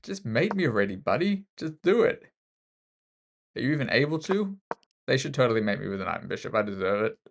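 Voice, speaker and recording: A man's voice: medium pitch, very animated, fairly quick, creaky, slight background noise. A man with an Australian accent giving casual, self-mocking live commentary while playing chess. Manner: self-mocking, joking banter with the opponent. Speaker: chess streamer.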